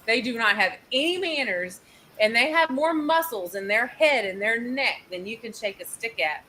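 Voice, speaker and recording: Bright, high woman host, animated storyteller on a video call, faint background noise. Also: normal speed, rough recording. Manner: animated, laughing, loud storyteller. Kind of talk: casual storytelling chat.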